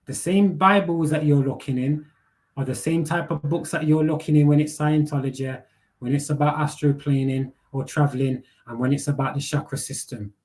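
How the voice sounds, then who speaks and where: A man's voice: on the high side, fairly even intonation, moderate pace, a little mellow. A young man, hosting a live panel and ranting bluntly with heavy swearing, street slang and repeated words. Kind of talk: casual rant.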